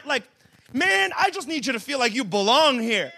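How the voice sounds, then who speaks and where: At a church service, a male pastor with a very high-pitched, creaky voice preaches a humorous, conversational sermon. Lively in intonation and fairly quick, he jokes with the room and builds to emphatic shouts.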